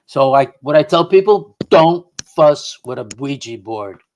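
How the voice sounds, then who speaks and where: A middle-aged man telling a story of his own past as a radio guest. His voice sits at an ordinary male pitch, and he wanders through the tale with many restarts, repeated words and quoted lines of what people said. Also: lively intonation, unhurried, slight background noise. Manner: rambling, full of restarts and quoted dialogue. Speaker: guest investigator of the unexplained.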